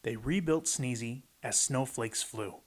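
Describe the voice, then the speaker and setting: There's a breathy edge to this man's medium-pitched, unhurried voice as he reads a rhyming picture book. He sprinkles playful asides between the pages.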